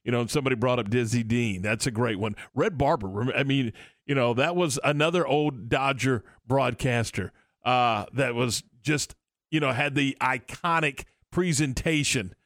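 A man's voice: mid-range voice, moderate pace, fairly bright tone, no room sound. Brief: male sports radio host, casual and rambling, dry studio mic. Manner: rambling, many restarts and fillers.

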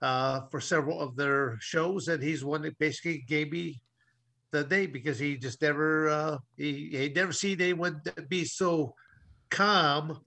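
A man's voice: fairly high pitch, steady tone, a little slow, gravelly, pushed and bright. A man co-hosting a talk show, telling a long story in a rambling way with many restarts. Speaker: co-host. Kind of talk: casual storytelling.

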